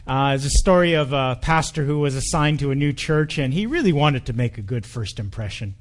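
A man's voice: mid-range voice, expressive, a little fast. A man preaching at a church anniversary, telling a humorous story in a conversational manner with frequent ums. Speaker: pastor.

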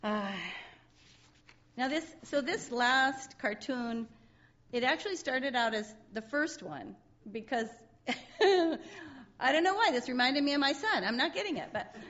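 A woman's voice: sits high, lively intonation, a little slow, a bit bright, muffled recording. A woman giving a sermon in a chatty, conversational way, often breaking into laughter.

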